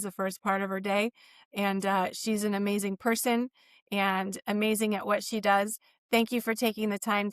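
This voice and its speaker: A woman's voice: mid-range voice, a bit bright, clear, resonant tone, no room sound. A woman co-hosting a real estate podcast, giggly and effusive, her voice a little strained. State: losing her voice. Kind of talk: casual podcast chat.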